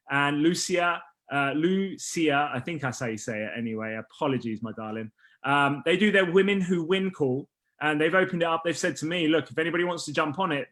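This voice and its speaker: A man hosting a casual business team call, energetic and rallying, who says he is losing his voice. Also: fairly high pitch. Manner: energetic, rallying, restarts often.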